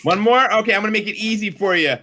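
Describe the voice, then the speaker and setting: A man's voice: high-pitched, bright, forceful tone, a little hiss or hum. A man leading an improv comedy game, upbeat, calling on players and laughing along. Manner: upbeat, quick cues and laughter.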